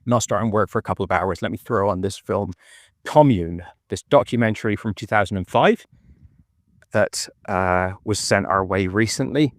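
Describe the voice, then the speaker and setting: A man's voice: lowish voice, normal speed, no room sound. An Irish man chatting and rambling in a phone voice note while walking outdoors. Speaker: podcast co-host. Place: park outdoors at dusk.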